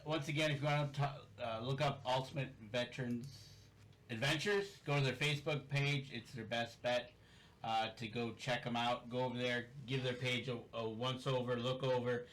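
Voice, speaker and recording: A man hosting a casual show, wrapping up with upbeat shout-outs. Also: mid-range voice, steady tone, moderate pace. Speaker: host.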